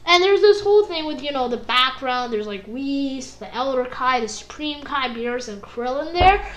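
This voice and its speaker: High-voiced excitable woman reviewing. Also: moderate pace. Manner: excitable, rambling, many "like"s, mimics fight sounds. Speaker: anime episode reviewer. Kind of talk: casual rambling review.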